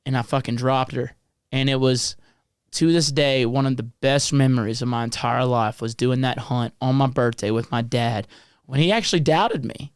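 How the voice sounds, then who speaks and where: A man's voice: medium pitch, moderate pace, clean tone, no room sound, clean studio sound. A young man with a Southern American accent, a comedian co-hosting a podcast, telling stories with laughs and cursing freely. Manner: storytelling, laughing, swears freely. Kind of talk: casual chat.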